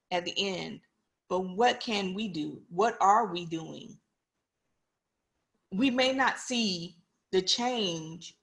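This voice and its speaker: A woman's voice: medium pitch, fairly bright tone. A woman in her forties, a police officer, giving an earnest, personal talk to an online audience and putting questions to them directly.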